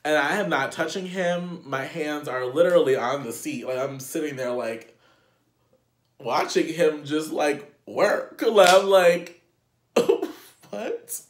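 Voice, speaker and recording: A young man telling a casual storytime on his vlog, animated and profane, laughing as he goes. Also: a little high, measured pace. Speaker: vlogger. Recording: echoey room.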